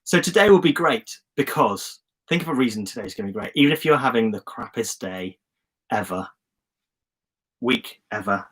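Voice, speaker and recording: A man's voice: medium pitch, moderate pace, husky. Chatty encouraging man hosting a live stream. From England. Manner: chatty and encouraging, reads out viewer comments with lively enthusiasm. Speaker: host of a live online journaling session. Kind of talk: casual live-stream coaching. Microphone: phone or webcam on a live stream.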